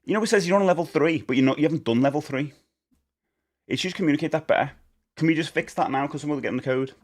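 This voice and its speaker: A man's voice: on the high side, fast talker. A man chatting casually on a live game stream, jokey and talkative as he greets his chat by name. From England.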